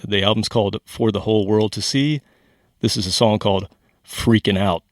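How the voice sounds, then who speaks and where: A man hosting a podcast, chatting casually and explaining music history in a relaxed way. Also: lowish voice, moderate pace, dry recording, studio quality. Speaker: podcast host. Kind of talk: casual chat about music.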